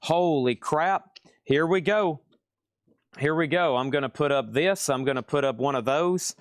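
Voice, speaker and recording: A man hosting a live vinyl record sale stream from a record shop, calling prices in joking, rapid-fire patter and repeating his lines. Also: on the high side, dry recording, studio quality.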